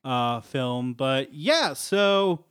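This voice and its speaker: A man co-hosting a podcast in casual chat, excitable and jokey. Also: medium pitch, very slow, clear, resonant tone, no room sound, clean studio sound. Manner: excitable, jokey, breaks into laughter. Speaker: podcast co-host.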